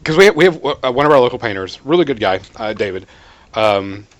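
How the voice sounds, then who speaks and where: A man's voice: mid-range voice, lively intonation, fairly quick. Male co-host, mid-range voice, easygoing chat. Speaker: podcast co-host. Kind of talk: casual chat.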